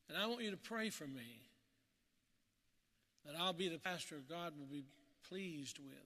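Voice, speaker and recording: A pastor preaching a sermon in a heartfelt, pleading manner. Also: male voice, on the high side, bright, forceful tone, big-room sound.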